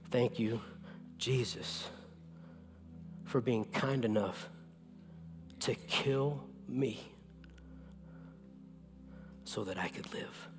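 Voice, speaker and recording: A male pastor preaching a sermon with emphatic delivery that drops to a hushed near-whisper in tender moments. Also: medium pitch, very slow, long pauses, long reverb tail, over music. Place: church sanctuary.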